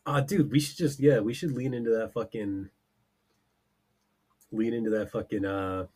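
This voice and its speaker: A man's voice: lowish voice, normal speed, dark tone, husky. A man co-hosting a comedy podcast, chatting loosely with frequent laughter and casual swearing. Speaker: podcast co-host.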